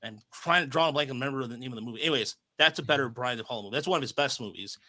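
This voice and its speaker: Bright-toned opinionated male co-host. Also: medium pitch, racing. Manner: opinionated, emphatic. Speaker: podcast co-host. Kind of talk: casual chat.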